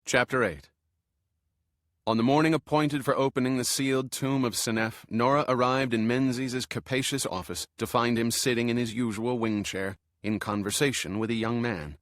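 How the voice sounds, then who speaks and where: A man narrating an audiobook in a measured, steady way. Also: mid-range voice, dry recording, clean studio sound.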